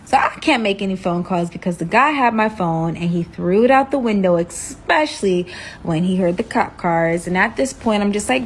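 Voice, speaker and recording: A woman telling a personal story in a casual storytime, animated and dramatic, with rhetorical asides to her listeners. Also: mid-range voice, a little fast, slight background noise.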